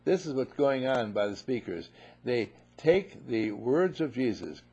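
A man preaching a sermon to a live audience, animated, acting out voices and often saying "you see", heard on a muffled lo-fi recording. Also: medium pitch, unhurried, husky.

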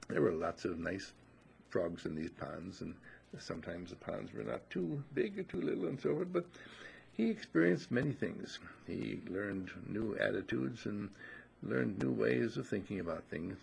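Speaking with a fairly low voice and vocal fry, a man gives an inspirational talk built around a folksy parable. His storytelling is lively and packed with fillers, with slight background noise in the recording.

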